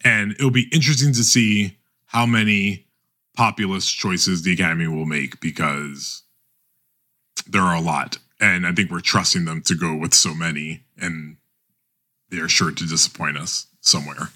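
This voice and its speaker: A man hosting a podcast, talking animatedly in a casual roundtable chat with many quick restarts. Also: sits low, fairly even intonation, bright, forceful tone. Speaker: podcast host.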